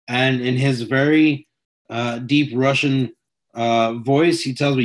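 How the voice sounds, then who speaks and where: A man of ordinary pitch hosts a casual live chat and talks to viewers as they join. His manner is chatty and welcoming, and he speaks into a phone or webcam mic. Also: slow. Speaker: livestream host.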